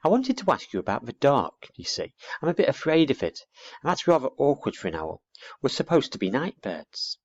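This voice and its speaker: A man's voice: mid-range voice, wildly swooping pitch, fairly quick, voice pushed up. A man voicing an anxious, eager young boy barn owl in a storybook reading, dull lo-fi recording. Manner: eager, chattery, a little boastful.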